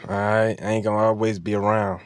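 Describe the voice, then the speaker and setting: This man speaks in a fairly low, flat voice at a brisk pace, with no room sound. His direct-to-camera vlog is a heated, preachy monologue, impassioned and profane, and he seems close to tears.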